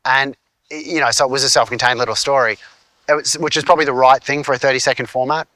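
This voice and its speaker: A man's voice: mid-range voice, fairly even intonation, fast, pushed and bright, no room sound. A man in his forties with an Australian accent, a filmmaker and teacher chatting in a casual vlog, rambling with lots of fillers and restarts. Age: 40s.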